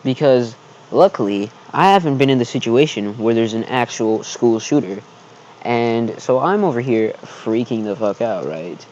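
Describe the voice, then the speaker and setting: A young man telling a casual storytime vlog, loose and profane, tagging his sentences with quick check-ins. His voice is mellow and dark. The recording is muffled and lo-fi. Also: medium pitch, lively intonation, slight background noise. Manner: loose, profane storytelling with frequent 'right?' tags and laughs. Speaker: channel host telling a story.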